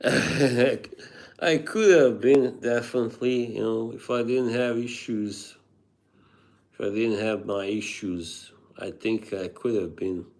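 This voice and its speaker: A man's voice: medium pitch, takes it slowly, a little mellow. A man live streaming, chatting casually with viewers, rambling, laughing often and reading chat aloud.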